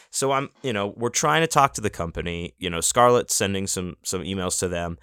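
A man's voice: low voice, expressive, a little fast, few pauses, pushed and bright, clean tone, no room sound, clean studio sound. A man hosting a podcast, talking in a casual, rambling monologue full of restarts and fillers, with the odd swear word. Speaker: podcast host.

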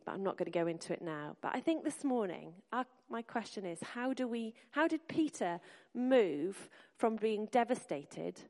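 A woman's voice: fairly high pitch, a little mellow. Earnest woman preaching in a reverberant hall. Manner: earnest, encouraging, speaks to the congregation directly. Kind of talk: sermon. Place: church hall.

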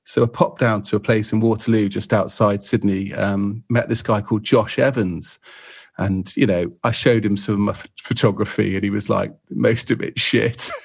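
A man's voice: lowish voice, fairly even intonation, normal speed, gravelly, darkish tone, breathy edge. A middle-aged English man telling rambling, self-deprecating stories about his photography career in casual chat, acting out what others said. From England. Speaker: podcast guest and co-host photographer.

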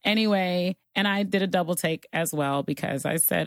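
A woman co-hosting a casual chat show from a small studio, playful and quick to laugh. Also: on the low side, no echo. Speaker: co-host.

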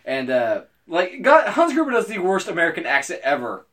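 A lively man with a bright, forceful voice, bantering casually as a podcast co-host. His pitch leaps around as he jokes, swears and argues his side. The talk is loose and playful. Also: a little fast. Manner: animated, swearing, jokey, jumps high in pitch when excited.

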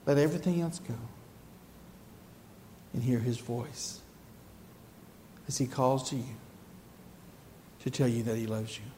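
Man preaching softly in an echoing hall. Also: medium pitch, slight background noise. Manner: soft, slow, then rising to fervent emphasis. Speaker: pastor. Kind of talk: sermon. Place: church sanctuary.

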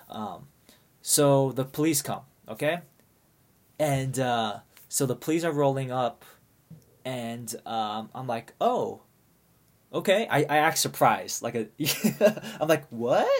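A young man casually telling a long story to friends, rambling and swearing, with lots of fillers and restarts. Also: mid-range voice.

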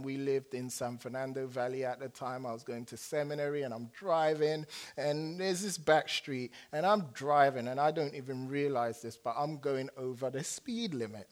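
A middle-aged man from London with an English accent, preaching a sermon and chatting with his congregation in an animated, joking way. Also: mid-range voice. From England. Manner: animated, jokey, engaging the congregation with questions. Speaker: pastor. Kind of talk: sermon with scripture reading. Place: church in front of a congregation.

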